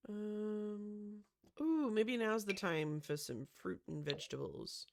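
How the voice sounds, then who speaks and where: A woman with a creaky, mid-range voice talks slowly while building a room in a Sims-style life-sim game. Her casual gameplay commentary is full of gasps and "um"s.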